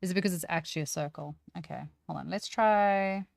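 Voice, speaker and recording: Low-voiced woman thinking aloud. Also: brisk, gravelly, dry recording. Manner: thinks aloud, self-deprecating, chatty. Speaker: 3D artist teaching on a live stream. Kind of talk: casual live-stream tutorial.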